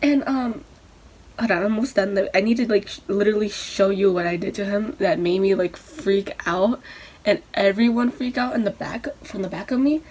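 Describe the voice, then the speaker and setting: A young woman telling a rambling, excitable story while doing her makeup for a vlog. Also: mid-range voice, moderate pace. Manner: rambling, excitable, lots of fillers. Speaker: beauty vlogger.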